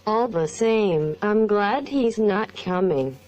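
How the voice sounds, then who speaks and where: A nervous young wife, read out by a synthetic woman's voice. It moves slowly at a middling pitch and stays machine-flat. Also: highs cut off. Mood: uneasy. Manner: hasty, strained.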